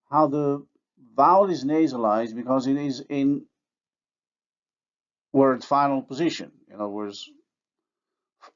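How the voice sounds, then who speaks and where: A man giving a recorded linguistics lecture, who carefully sounds out each example word. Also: mid-range voice. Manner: slow, deliberate, carefully sounds out example words. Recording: dull lo-fi recording.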